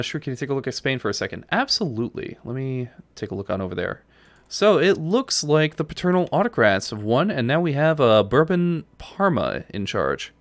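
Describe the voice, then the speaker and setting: A New York man with a medium-pitched voice live-streams a strategy game, chatting casually with viewers and answering their messages between moves. The recording is dry.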